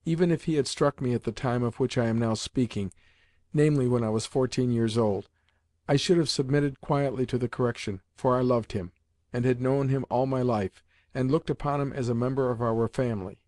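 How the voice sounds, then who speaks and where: A man narrating a classic novel aloud in a measured, phrase-by-phrase reading. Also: mid-range voice, darkish tone, no echo. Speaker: audiobook narrator. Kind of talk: scripted narration.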